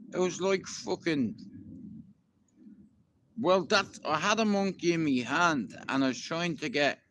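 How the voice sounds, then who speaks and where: His voice is on the high side and a bit bright, with slight background noise. He's a middle-aged man from Ireland with a Dublin accent, streaming live from his garden outdoors, rambling through casual stories and cursing freely.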